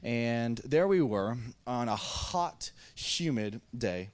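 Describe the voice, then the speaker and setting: Guy in his 30s preaching, tells stories all animated, lots of restarts, mid-pitched voice, church crowd. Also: takes it slowly. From Missouri. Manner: animated, acting out dialogue, many restarts. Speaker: pastor. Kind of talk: storytelling sermon. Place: church service before a congregation.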